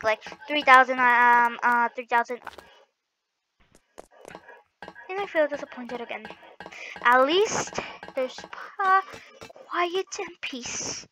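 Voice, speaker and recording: A woman hosting a let's-play, talking excitedly to viewers and shrieking at the game. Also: high voice, a little hiss or hum. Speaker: gaming channel host. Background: game music.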